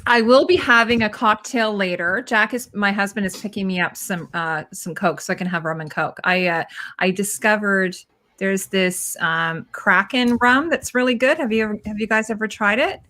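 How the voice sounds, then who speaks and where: A woman's voice: medium pitch, normal speed, bright, forceful tone. A woman hosting a casual livestream, chatting with guests and reading viewer comments aloud. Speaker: livestream host.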